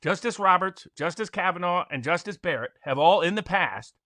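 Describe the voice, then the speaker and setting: A man, a constitutional attorney, co-hosting animated political commentary in a forceful, ranting manner. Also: high voice, normal speed, dry recording. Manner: forceful, ranting, mocking quotes.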